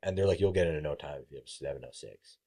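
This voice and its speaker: Young man, very deep voice, warm dark tone, casual storytelling, acts out quotes, swears a lot. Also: fast talker, husky. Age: young adult. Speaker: podcast guest, college baseball player.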